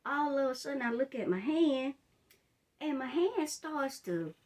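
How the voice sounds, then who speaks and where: A woman's voice: sits high, animated, unhurried, darkish tone. A woman telling a personal story in a storytime vlog, chatting straight to her viewers and retelling it with drama. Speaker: life coach.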